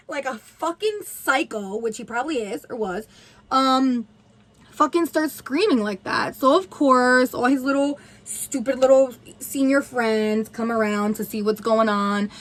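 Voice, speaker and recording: A woman's voice: a little high, unhurried, low-quality recording. A woman in her twenties from New Haven, telling a candid, profanity-filled story time while doing her makeup. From New Haven, USA. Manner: candid, heavy swearing, lots of "like". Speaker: vlogger.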